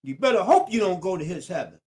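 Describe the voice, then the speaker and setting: A man's voice: sits high, very animated, fast, a little mellow. A man hosting a casual live stream, repeating his points with preacher-like emphasis and greeting viewers by name. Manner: talks straight at viewers and greets them by name.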